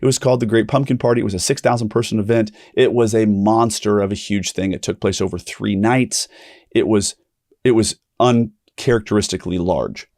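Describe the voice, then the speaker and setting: A man hosts a ministry podcast and tells a story conversationally at a brisk pace, often restarting and repeating himself. He is animated, acting out the people he quotes with big pitch jumps. The recording is dry with clean studio sound.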